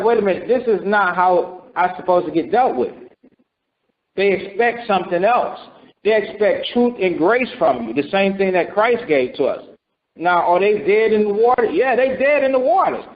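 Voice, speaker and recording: A man giving a conversational Bible teaching, asking rhetorical questions and acting out what people say. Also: high-pitched. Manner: rhetorical questions, acts out voices. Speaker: preacher. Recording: dull lo-fi recording.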